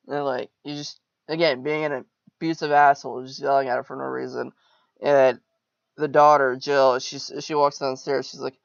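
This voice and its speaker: Gravelly, irreverent man recapping a movie. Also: mid-range voice, little pitch movement, moderate pace, dry recording. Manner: rambling, irreverent, profane. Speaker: podcast host. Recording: muffled lo-fi recording.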